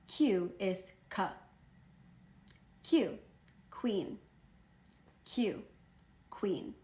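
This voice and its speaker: A teenage girl teaching toddlers the alphabet, sounding out each letter and word slowly and cheerfully. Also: medium pitch, roomy sound. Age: teens. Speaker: children's phonics teacher. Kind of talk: slow, deliberate phonics lesson for toddlers.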